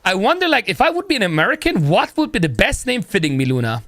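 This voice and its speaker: A young man, talking in a loose, rambling, slangy way with plenty of "bro", pitched somewhat high for a man. His voice is close to the mic and dry, with no room sound. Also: sing-song, fast talker, a bit bright, no echo. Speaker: streamer. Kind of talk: casual live-stream chat.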